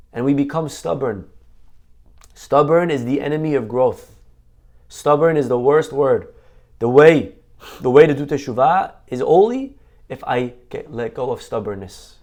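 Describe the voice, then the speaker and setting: A man, a rabbi, giving an animated sermon and acting out other people's voices. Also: on the high side. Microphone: online class mic.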